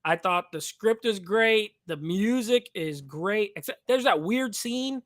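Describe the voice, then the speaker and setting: A man's voice: high-pitched, expressive, unhurried, a bit bright, no echo, clean studio sound. A man co-hosting a casual movie review chat, talking with enthusiasm and rambling with many fillers. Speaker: podcast co-host.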